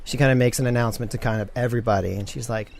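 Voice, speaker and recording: A man's voice: mid-range voice, fairly even intonation, racing, vocal fry, a little mellow, slight background noise. A young man narrating a tabletop game as game master, casual and rambling with many fillers.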